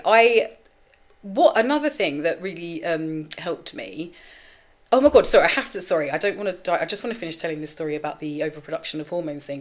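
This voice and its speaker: A woman in her thirties hosting a podcast, telling a candid personal story in a chatty, rambling way and swearing casually. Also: sits low. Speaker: podcast host.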